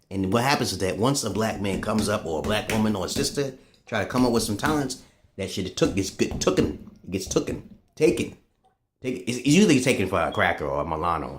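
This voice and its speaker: A man in a casual, profane ranting monologue to camera, swinging between loud outbursts and low muttering. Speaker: vlogger.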